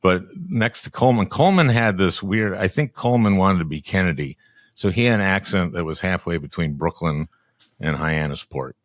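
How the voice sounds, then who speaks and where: Low-voiced older man, wry and halting. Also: no room sound, clean studio sound. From Minnesota, US. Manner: wry, halting with restarts, drops voice low and soft. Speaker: podcast guest, former senator and comedian. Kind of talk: casual political chat.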